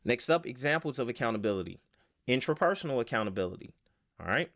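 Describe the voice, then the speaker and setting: A man's voice: medium pitch, expressive, fast, fairly bright tone. A man giving a casual self-help lesson, rambling with fillers and rhetorical questions.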